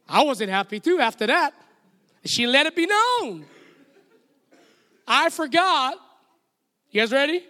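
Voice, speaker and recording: Preaching with a Hawaiian accent, a pastor leads a playful, direct sermon and has the congregation repeat lines back to him. His very high voice sounds pushed and bright, carrying long hall reverb through the church sanctuary.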